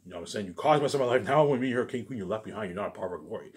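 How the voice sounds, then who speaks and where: A man's voice: on the low side, expressive, racing. A man rambling through a daydream monologue, stumbling over restarts and saying "obviously" and "you know what I'm saying" over and over. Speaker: vlogger.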